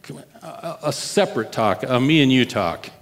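A man's voice: medium pitch, expressive, brisk, long reverb tail, close to an everyday voice. A man preaching and voicing an impulsive, loyal disciple who protests to his teacher. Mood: pleading. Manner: pleading and protective.

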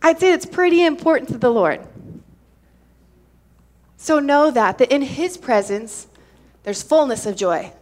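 High-voiced woman preaching with energy. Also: a little slow, long pauses. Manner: energetic, calls for audience response. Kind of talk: sermon.

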